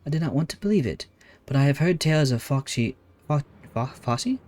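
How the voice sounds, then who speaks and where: A man voicing a formal, earnest young male scholar in a game, with measured, careful speech. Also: fairly high pitch, expressive, darkish tone, soft background music, natural voice.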